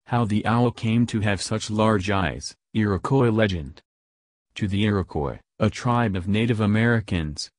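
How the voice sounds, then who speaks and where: A man hosting a podcast, reading scripted narration in an even, informative way. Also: fairly low pitch, no room sound, clean studio sound. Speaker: podcast host.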